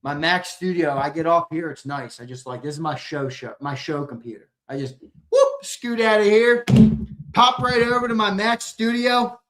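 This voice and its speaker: His pitch is fairly high and his pace normal. He's a profane, hyped-up sports show host on a laid-back livestream, ranting with sudden loud outbursts and bantering, laughing, and reacting to what viewers comment.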